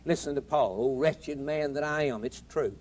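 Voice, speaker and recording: A man's voice: on the high side, moderate pace, a little mellow. A man preaching a sermon with a rising and falling, emphatic cadence. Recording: broadcast of a taped sermon.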